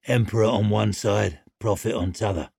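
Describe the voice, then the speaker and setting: A man voicing a terse, gruff grizzled warrior. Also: lowish voice, fairly even intonation, normal speed, darkish tone.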